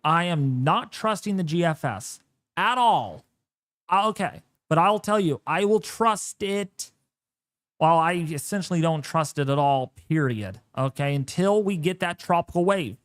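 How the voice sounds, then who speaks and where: On his live weather stream, a man takes his time, cracking jokes and exclaiming with animated energy. His pitch is on the high side, and the recording is dry with no surrounding room sound.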